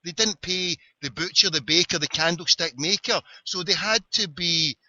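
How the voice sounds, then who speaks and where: Brief: Glasgow host, sharp bright tone, dull lo-fi webcast sound, joking and rambling. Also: male voice, high voice, moderate pace. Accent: Glasgow Scottish. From Scotland. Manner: boisterous, rambling wisecracking patter. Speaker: host of an internet show. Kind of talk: jokey call-in banter. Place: parked car.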